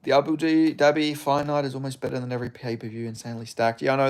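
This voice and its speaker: Gravelly Australian man bantering with chat. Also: mid-range voice, little pitch movement, fast, darkish tone. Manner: blunt, profane, laid-back banter. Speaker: streamer reading chat. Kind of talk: casual livestream chat.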